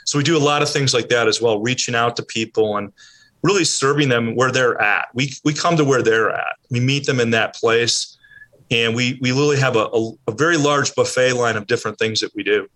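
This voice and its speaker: Earnest male charity head, bright voice, measured answers. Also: mid-range voice. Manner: earnest, measured, uses ums. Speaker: charity CEO guest. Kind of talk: interview answers.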